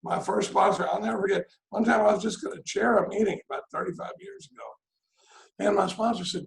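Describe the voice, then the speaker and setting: A man's voice: high-pitched, lively intonation, fairly quick, gravelly, echoey room, poor audio. A middle-aged man from Texas speaking at a recovery meeting over a video call, telling jokes in a folksy storytelling manner.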